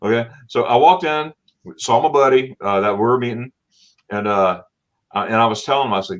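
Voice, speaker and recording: A middle-aged man from Florida hosting a casual livestream chat, telling animated stories and acting out what people said with laughs. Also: mid-range voice, quick pace. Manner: animated storyteller, acts out quotes with laughs. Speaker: livestream host.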